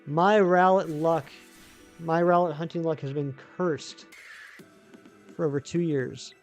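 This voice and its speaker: Male streamer, high voice, chatty and excitable, faint music underneath. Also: takes it slowly. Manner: chatty, excitable, talks to chat. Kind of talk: live gaming stream chat.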